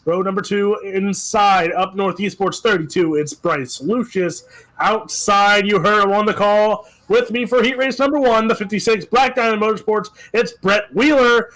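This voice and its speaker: A man giving joking, quick play-by-play commentary on a sim race. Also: high-pitched, a bit bright, rough recording.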